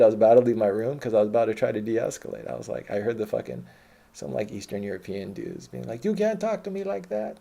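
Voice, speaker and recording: Gravelly low-voiced man rambling a story. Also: dark tone, slight background noise. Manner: rambling, profane, self-correcting. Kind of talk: casual autobiographical storytelling.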